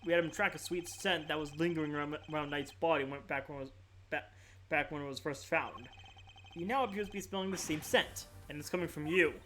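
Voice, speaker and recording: A streamer reading the lines of a composed, formal male prosecutor from a video game, questioning a suspect in a measured way, with faint music underneath. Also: medium pitch, fairly bright tone, lightly acted. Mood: stern, probing. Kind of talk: reading a video game's dialogue aloud on stream.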